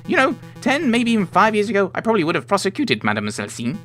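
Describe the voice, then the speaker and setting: A man's voice: high-pitched, huge pitch swings, very fast, fairly bright tone, faint music behind, pitched above the performer's own voice, heavily acted. A man doing an earnest young sparrow lawyer.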